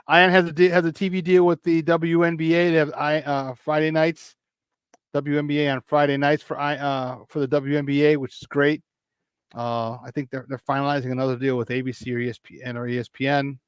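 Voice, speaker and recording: A male Chicago sports talk host with a Chicago accent, chatting animatedly on a live stream and calling out viewers in the chat. His voice sits fairly high for a man. The sound is dry and close, with no room echo. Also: smooth.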